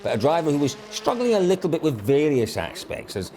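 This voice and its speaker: Energetic man hosting a rally review. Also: a little high, fairly quick, a little hiss or hum. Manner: energetic, reels off results standings. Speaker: rally show host. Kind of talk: casual rally review chat.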